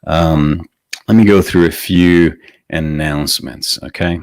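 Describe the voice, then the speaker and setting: A man hosting a weekly live meditation broadcast, chatting gently with viewers and laughing softly. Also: a bass voice, unhurried, no room sound. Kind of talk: casual live-stream chat greeting viewers.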